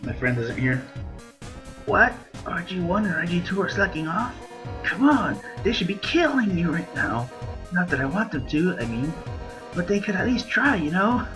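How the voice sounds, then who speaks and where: A brash, impatient fish warrior woman from a video game barks her lines, as a man puts her on. His voice sits fairly high and pushes loud, with game music behind it. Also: big pitch swings, moderate pace.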